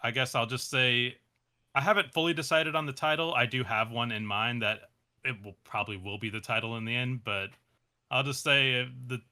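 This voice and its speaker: A man talking casually about his animation projects in an interview, hesitant with many fillers and soft laughs. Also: medium pitch, fairly even intonation, brisk. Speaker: animation creator, interview guest.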